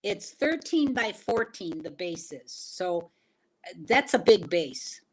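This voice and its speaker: A woman's voice: fairly low pitch, big pitch swings, takes it slowly, rough recording. An older woman, a regular guest co-host on a casual livestream, talks in a folksy, rambling storytelling way.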